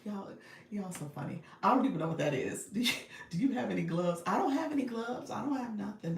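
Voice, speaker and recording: Woman coach live on stream, chatty and laughing a lot, kinda gravelly, echoey room. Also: mid-range voice, lively intonation, moderate pace, pauses often, far from the mic, slight background noise. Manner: chatty, laughing, talks straight to viewers. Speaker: coach and livestream host. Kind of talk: casual livestream chat.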